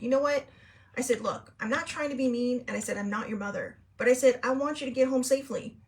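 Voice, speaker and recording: Chatty middle-aged woman, fairly high voice. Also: a little hiss or hum. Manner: chatty, laughs often, rambling with fillers and restarts; acts out both sides of a quarrel in raised tones. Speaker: host. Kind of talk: casual storytelling to a live chat.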